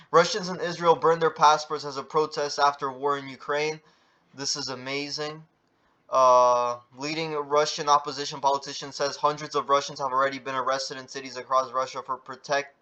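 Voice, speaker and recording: A man's voice: mid-range voice, bright, forceful tone, highs cut off. A man vlogging a casual news update, rambling with lots of fillers, swearing and tag questions, and reading headlines aloud. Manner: rambling, filler-heavy, swears, keeps asking "right?".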